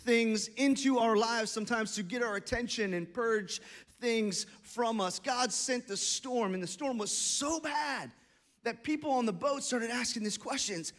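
A middle-aged man preaching a sermon as pastor, animated and acting out little voices and asides. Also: very high voice, measured pace.

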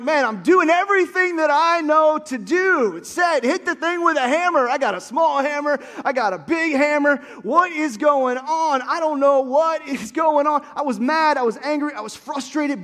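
A man with a very high voice delivers a sermon. He tells a story in a lively way and builds to shouted calls to his listeners. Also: normal speed, hardly any pauses, big-room sound. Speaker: pastor.

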